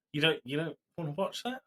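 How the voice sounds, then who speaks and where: Male co-host, husky forceful voice, loose rambling storyteller. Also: on the high side. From Britain. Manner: rambling storytelling recap with fillers. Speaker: podcast co-host. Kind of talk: casual chat.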